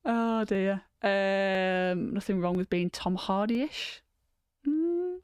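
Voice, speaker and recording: A woman's voice: mid-range voice, steady tone, slow pace, smooth, no echo, studio quality. Chatty woman hosting a film stream. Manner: chatty, reads out viewer comments, frequent ums. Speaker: host. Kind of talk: casual chat on a livestream.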